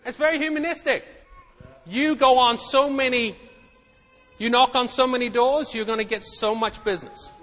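Middle-aged male preacher, high voice, emphatic, repeats himself; hall echo. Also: steady tone, moderate pace, a bit bright. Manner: emphatic, repeats words, asks the congregation questions. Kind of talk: sermon. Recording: echoey hall.

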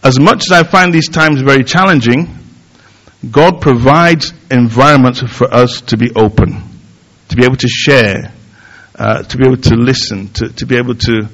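A man's voice: medium pitch, moderate pace, fairly bright tone, low-quality recording. A middle-aged man giving a sermon in a conversational, self-deprecating way, with many fillers and restarts. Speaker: pastor.

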